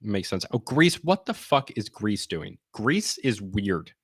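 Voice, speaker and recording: Man, lowish voice, dry close sound, sarcastic live-stream commentary, rambling. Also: sing-song, takes it slowly, slightly rough, no room sound. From United States.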